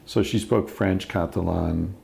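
Podcast host, man, very deep gravelly voice, dark tone, relaxed and blunt. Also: unhurried. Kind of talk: casual podcast interview.

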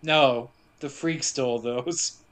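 A man casually recapping a movie for a podcast, telling it with jokes and quick asides. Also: mid-range voice. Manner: joking, animated storytelling with quick asides.

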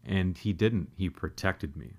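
A man's voice: sits low, measured pace. A man in his thirties telling a comedic, profane, self-deprecating childhood story as a podcast host.

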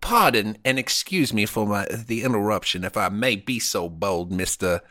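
A man playing a pompous old-time Southern gentleman with a put-on Southern drawl, flowery and stammering in an improvised comedy bit. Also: fairly low pitch, normal speed, no room sound, clean studio sound, voice pushed down. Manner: flowery, stammering, overly formal.

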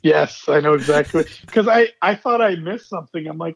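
A man co-hosting a casual wrestling podcast, relaxed and asking follow-up questions. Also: fairly high pitch, brisk, gravelly, husky, rough recording. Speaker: podcast co-host.

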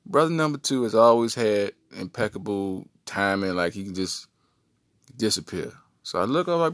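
A man, co-host of a podcast, telling an animated, joking story from his youth. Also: on the low side, brisk, dry recording, clean studio sound. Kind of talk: comic storytelling.

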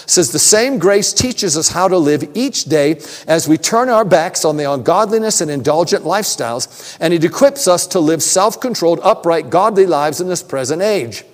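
A man preaching to a congregation, moving from chatty stories with a bit of self-deprecating humor into teaching. His voice sits fairly high and swings widely in pitch. A long reverb rings out around him in a large church hall. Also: expressive, normal speed. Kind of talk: sermon with storytelling.

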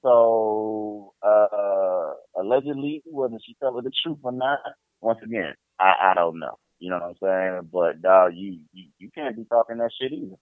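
A man's voice: on the low side, animated, normal speed, no room sound, phone-quality sound. A man co-hosting a podcast, giving opinionated, slangy, rambling takes in casual chat. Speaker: podcast co-host.

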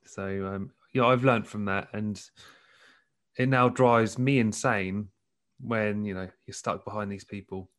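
A man with a fairly low voice tells stories in a relaxed, easygoing way. His talk is casual and unhurried. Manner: laid-back storytelling with laughs. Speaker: podcast co-host. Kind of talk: casual chat.

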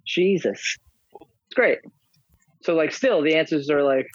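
A man co-hosting a casual podcast, telling animated stories and mimicking the people in them. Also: fairly high pitch, drawn-out words, pauses often, husky, no room sound, poor audio. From New York family. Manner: animated storyteller, mimics voices. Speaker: podcast co-host. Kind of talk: casual chat.

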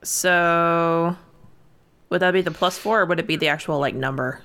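A woman's voice: on the low side, normal speed, a bit bright. A woman player in a tabletop game, thinking aloud hesitantly while she decides her moves. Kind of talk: casual tabletop game chat.

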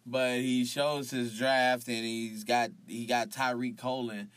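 A man hosting a casual solo fantasy football podcast, laughing often, repeating himself and swinging from loud hype to low mutters. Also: flat delivery, slow pace, dry recording.

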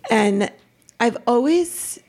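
A woman in her forties, a podcast guest, talking candidly and haltingly about painful memories, with nervous laughs to lighten things. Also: a little high, animated, a little mellow. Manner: halting, emotional, self-deprecating, laughs through hard moments. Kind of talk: candid personal interview.

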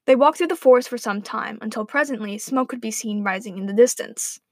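A woman's voice: fairly high pitch, a little fast, no room sound. A woman narrating a playful, wry story aloud.

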